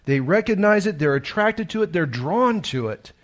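A man's voice: high voice, lively intonation, moderate pace. A male pastor, preaching a sermon earnestly and emphatically, with restarts and rhetorical questions.

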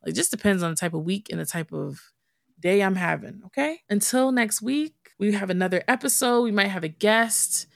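A woman's voice: medium pitch, fairly quick, gravelly, dry recording, clean studio sound. A young adult woman hosting her own podcast, talking candidly and casually as if to a friend. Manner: chatty, candid, talks like to a friend. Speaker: podcast host. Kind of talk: casual solo podcast chat.

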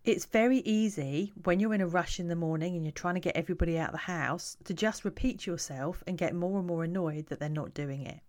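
A woman who coaches parents, talking to camera in a calm, reflective, conversational way. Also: fairly low pitch, a little fast, few pauses.

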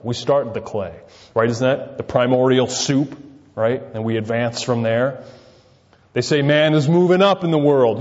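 A man preaching a sermon, peppering it with rhetorical questions and swinging between loud emphasis and quiet asides. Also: mid-range voice. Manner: rhetorical, keeps asking "right?". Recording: dull sound with long reverb.

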